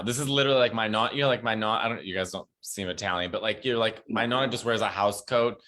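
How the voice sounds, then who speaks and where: A man, a comedian, chatting casually as a guest and telling animated stories with acted-out quotes. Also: lowish voice, fast talker, hardly any pauses. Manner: animated storyteller, acts out loud quotes. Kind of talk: casual chat.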